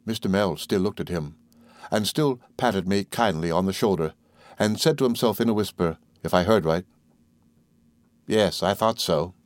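A man reading a classic novel aloud as narrator, in a measured storytelling manner. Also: low voice, a little mellow, no room sound. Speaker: audiobook reader. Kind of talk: scripted narration.

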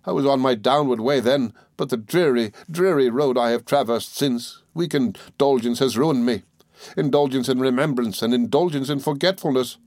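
A man reading an audiobook, voicing a guilt-ridden older gentleman who speaks in desperate, pleading anguish. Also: mid-range voice, normal speed, no echo, clean studio sound, natural voice.

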